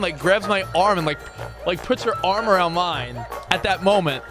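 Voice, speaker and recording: A man's voice: sits high, moderate pace, music in the background. A man with a New Jersey accent telling a story in a casual chat, acting out what people said. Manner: animated storyteller, acts out quotes.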